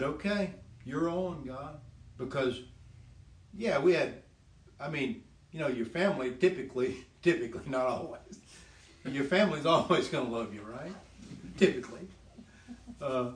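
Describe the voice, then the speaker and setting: A man casually telling the story of his faith testimony, animated and laughing often, dropping lower when he quotes God. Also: reverberant. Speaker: guest sharing his testimony.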